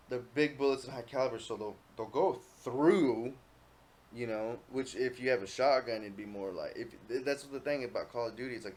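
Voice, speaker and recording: A young man hosting a casual podcast chat, swearing freely and getting loud when he tells gaming stories. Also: medium pitch. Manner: profane, animated storytelling, yells when quoting himself. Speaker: podcast host.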